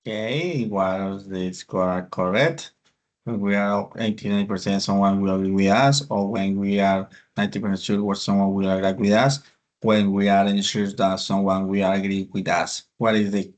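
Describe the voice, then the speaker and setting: A man explaining grammar exercises in an online class, speaking haltingly with restarts and hesitant fillers. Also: low voice, fairly even intonation. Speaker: class presenter.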